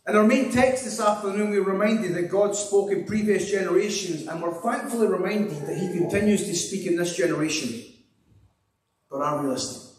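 A man's voice: high-pitched, a little fast, a little hiss or hum. A Scottish man preaching a sermon and leading a prayer, with an earnest, repetitive preaching cadence. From Scotland. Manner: drops to a hushed voice in prayer. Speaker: pastor. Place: church hall. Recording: echoey hall, mic at a distance.

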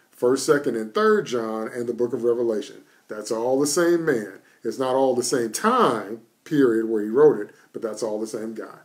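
A man with a Southern American accent preaching a sermon, reading scripture calmly and then building to loud, emphatic declarations. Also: medium pitch.

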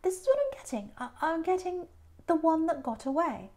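A woman's voice: very high-pitched, sing-song, normal speed, warm tone. A woman giving a tarot reading who muses aloud, repeats phrases and often restarts. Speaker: tarot reader.

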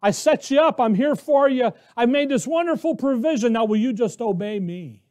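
A man's voice: very high voice, expressive, normal speed, darkish tone, voice pushed up. A man preaching takes the voice of God, speaking as a kind fatherly deity who urges and pleads with earnest encouragement. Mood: pleading.

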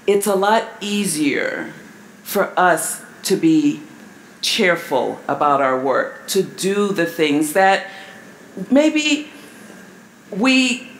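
A woman giving a live seminar talk to an audience, measured and asking the crowd questions. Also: medium pitch. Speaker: family seminar presenter. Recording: echoey hall with faint room noise.

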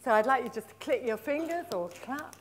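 A middle-aged woman leading a live teacher-training workshop in a conference room, lively and encouraging, praising the audience and drawing out words slowly as she repeats them. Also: high-pitched. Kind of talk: live workshop demonstration of storytelling with flashcards.

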